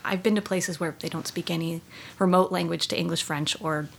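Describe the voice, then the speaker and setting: A woman musician telling lively, playful tour stories in a casual interview. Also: on the low side, fairly quick, vocal fry, crowd noise. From Canada. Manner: animated, playful, chatty. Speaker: musician guest.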